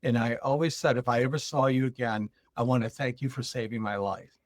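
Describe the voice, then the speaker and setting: A man's voice: mid-range voice, a little fast, no room sound, studio quality. A man telling a personal story as a podcast guest, acting out both sides of a remembered conversation. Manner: animated retelling, acting out both sides of a dialogue. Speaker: guest speaker.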